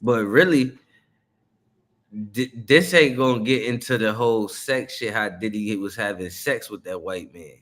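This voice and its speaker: A man's voice: on the low side, measured pace, a bit bright. A man hosting a casual livestream, laid-back and joking with slangy talk. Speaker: livestream host.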